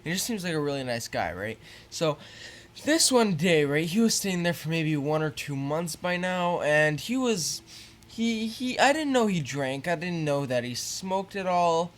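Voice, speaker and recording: A man's voice: fairly high pitch, sing-song, unhurried. Rambling, swearing teenage guy vlogger. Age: teens. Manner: rambling, full of fillers and swearing; gets heated and louder when annoyed. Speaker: YouTuber. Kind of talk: casual storytelling to camera.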